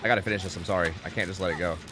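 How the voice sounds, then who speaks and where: A man streaming a game live and chatting with viewers, excitable and profane, swinging between loud pleading and low mumbling. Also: racing. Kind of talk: live gaming commentary with chat.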